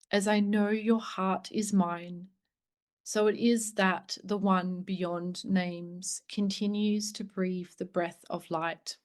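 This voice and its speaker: A woman reads a spiritual text aloud, unhurried and slow, with soft, gentle, hushed delivery. Her voice sits at a middle pitch and sometimes slips into a breathy near-whisper. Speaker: host reading a spiritual book aloud. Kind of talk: slow meditative reading with commentary.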